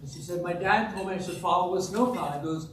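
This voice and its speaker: A man's voice: sits high, fast talker, fairly bright tone. A man at a club meeting, telling folksy jokes and stories in a chatty way. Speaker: Rotary club speaker. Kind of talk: joke-telling club talk. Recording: distant, echoey room with background noise.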